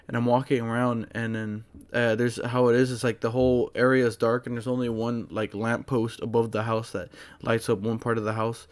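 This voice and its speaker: Excitable rambling young-sounding man. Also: medium pitch. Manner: rambling, excitable, full of fillers. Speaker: vlogger. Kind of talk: casual storytelling.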